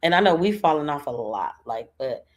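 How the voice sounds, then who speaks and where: A woman co-hosting a podcast, talking in a relaxed, reflective way with folksy phrasing. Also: deep voice, fairly quick. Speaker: podcast co-host. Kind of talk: casual chat.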